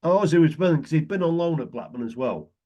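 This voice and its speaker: A man's voice: on the high side, animated, fast talker, mellow. A middle-aged man chatting casually as a guest, telling anecdotes and chuckling often. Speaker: guest, retired footballer.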